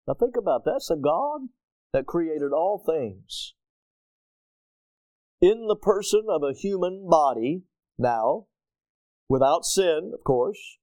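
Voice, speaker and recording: Male pastor, sermon delivery, rhetorical and emphatic, fairly high voice. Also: sing-song, mellow. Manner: emphatic, rhetorical questions, drawn-out pauses.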